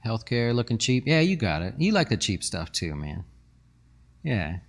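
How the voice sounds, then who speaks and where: A man's voice: fairly low pitch, very animated, moderate pace, creaky. A man hosting a casual stock market show, talking in a chatty, rambling way and answering viewer questions.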